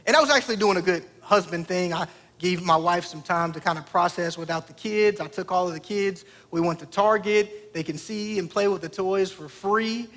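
A man's voice: high-pitched, normal speed, a bit bright. A man in his thirties, a pastor preaching a sermon through a family story, talking conversationally and putting direct questions to the congregation.

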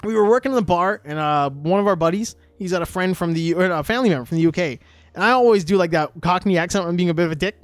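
A middle-aged man from Western Canada co-hosting a podcast, bantering quickly with laughs and swearing. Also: sits high, dry recording. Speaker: podcast co-host. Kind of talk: casual podcast chat.

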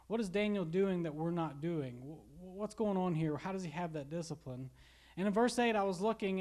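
A man's voice: high-pitched, a little mellow. A pastor giving a casual, conversational sermon, rambling a little and repeating words as he goes. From Kentucky. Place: church.

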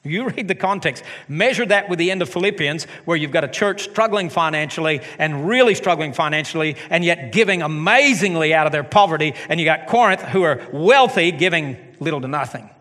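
A middle-aged man preaching a sermon as pastor of his church, animated with joking asides. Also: a little high, brisk, few pauses. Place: church sanctuary. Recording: long hall reverb.

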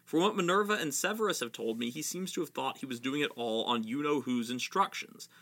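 A man's voice: mid-range voice, brisk, a bit bright. A man voicing a blustering middle-aged government minister in a fantasy novel reading.

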